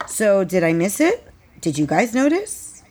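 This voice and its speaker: A woman's voice: medium pitch, very animated, unhurried, darkish tone, slight background noise. A woman co-hosting a casual podcast, chatty and putting questions to the others. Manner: chatty, asks the group questions. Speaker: podcast co-host.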